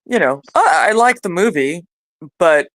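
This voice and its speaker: A woman's voice: on the low side, lively intonation, a little slow, no room sound. A woman in a casual group chat, talking hesitantly and trailing off mid-thought. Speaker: panel participant.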